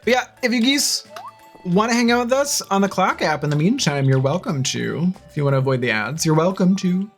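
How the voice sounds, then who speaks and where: A game streamer chatting to a live audience while reading dialogue aloud, expressive and talkative, with frequent gasps and laughs. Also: medium pitch, brisk. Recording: faint game music underneath.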